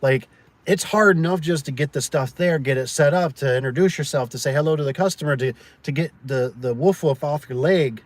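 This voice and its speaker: A man's voice: on the high side, fairly quick, no room sound. A man who owns a door and gate business, chatting casually and telling stories full of fillers and acted-out quotes. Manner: storytelling, acts out quoted people, lots of fillers. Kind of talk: casual rambling livestream chat.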